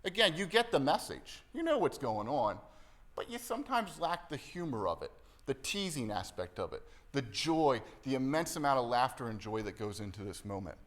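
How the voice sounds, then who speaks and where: Pastor guy giving a sermon, chatty, keeps asking the room "right?", mid pitch, plays out quotes with a teasing tone. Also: big pitch swings, moderate pace. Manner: conversational, checks in with the room often ("right?", "okay?"); acts out quoted lines in a playful, teasing tone.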